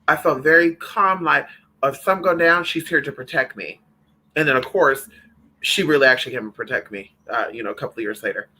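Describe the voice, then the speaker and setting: Man, casual livestream chat, sharp bright tone, somewhat high voice, cusses freely, calls everyone honey. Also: normal speed, rough recording. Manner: animated, profane, calls listeners honey and girl. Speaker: spiritual livestream host.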